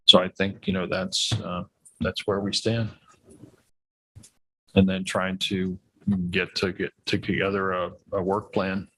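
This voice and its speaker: A man's voice: deep voice, little pitch movement, slow pace, a bit bright, husky, low-quality recording. A man chairing a town board meeting, speaking hesitantly with fillers and restarts.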